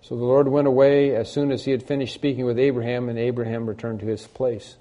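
Man preacher, mid-range pitch, warm dark timbre, mixes scripture reading with loose commentary. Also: flat delivery, quick pace. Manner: reads scripture aloud, then comments with fillers and restarts.

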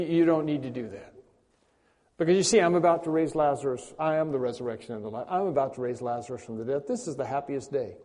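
A man voicing a calm male teacher who reassures mourners in a commanding, soothing way. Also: on the high side, lightly acted. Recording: long reverb of a large hall.

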